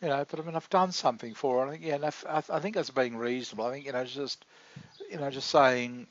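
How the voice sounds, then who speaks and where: A man's voice: mid-range voice, steady tone. Rambling man on a dull lo-fi recording. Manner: halting, confessional, many restarts. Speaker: vlogger. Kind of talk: rambling video diary.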